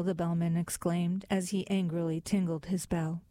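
A woman reading poetry aloud with a measured, rhythmic recitation. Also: fairly low pitch, flat delivery, mellow, no room sound. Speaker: reader.

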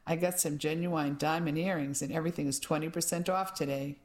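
A woman's voice: low-pitched, fairly even intonation, brisk, a little mellow, natural voice. A woman reading an audiobook, voicing a short, tattooed man working as a salesman. He talks in a chummy sales patter. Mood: eager.

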